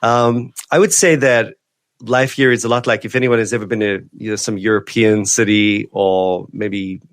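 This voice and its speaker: A man in his forties from South Africa, speaking with a South African accent that has picked up other influences, chats in a relaxed, rambling way as a pastor and podcast guest. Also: lowish voice, normal speed, no echo. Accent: South African, mixed with other influences. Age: 40s. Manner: relaxed and rambling, with frequent restarts and "um"s. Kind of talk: casual interview chat. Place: New Zealand, remote.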